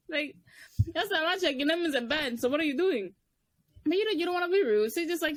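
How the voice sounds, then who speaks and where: Speaking fast with no room sound, a young female podcast co-host chats casually and tells lively stories. Whenever she quotes someone, she performs it with dramatic jumps in pitch.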